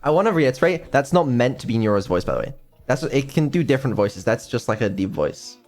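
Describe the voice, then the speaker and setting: A man's voice: medium pitch, animated, a little fast, darkish tone, soft background music. A man chatting casually on a stream, rambling and offhand with lots of ums and casual swearing. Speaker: streamer and developer.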